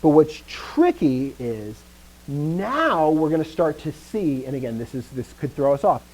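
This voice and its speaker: A man teaching Greek grammar to a class, lively, putting questions to his students and often dropping to a quiet trailing voice. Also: a little high, unhurried, low-quality recording. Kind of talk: classroom lecture.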